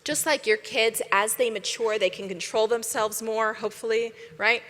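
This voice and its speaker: A woman giving a lively, conversational talk at a convention, often checking in with the audience by asking "right?". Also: on the high side, normal speed. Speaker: speaker at a convention. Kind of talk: inspirational lecture. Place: large hall. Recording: long hall reverb.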